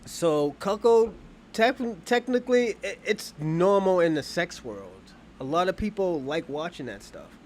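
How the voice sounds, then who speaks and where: A man's voice: sits high, a bit bright. A man hosting his own channel, telling a casual, rambling story in loose, profane slang. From Boston, US. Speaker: channel host.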